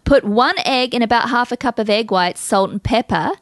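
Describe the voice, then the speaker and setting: A woman's voice: fairly high pitch, moderate pace, dry recording, studio quality. A woman from Australia co-hosting a podcast, chatting enthusiastically about food and health. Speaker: podcast co-host. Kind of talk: casual chat.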